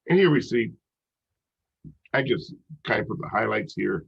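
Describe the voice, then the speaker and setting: A man's voice: lowish voice, animated, moderate pace, vocal fry, slightly rough, highs cut off. A man teaching a recorded college psychology lecture, talking conversationally with frequent ums and restarts.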